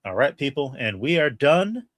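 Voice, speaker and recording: A man's voice: mid-range voice, very animated, moderate pace, no echo. A man hosting a casual podcast, rambling along with plenty of fillers and restarts. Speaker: podcast host.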